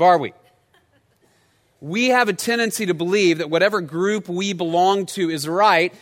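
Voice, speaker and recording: A middle-aged male pastor preaching in a church sanctuary, his bright, forceful voice sitting high for a man. He tells stories in a lively way and pokes fun at himself. The sound carries a long hall reverb from the room. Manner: storytelling, animated, self-deprecating humor. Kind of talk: sermon.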